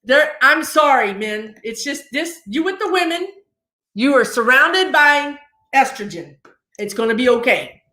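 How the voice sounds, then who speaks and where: A woman's voice: sits high, animated, a little slow, bright, forceful tone, echoey room. A woman hosting a casual live-stream chat over a video call, full of teasing banter and jokes.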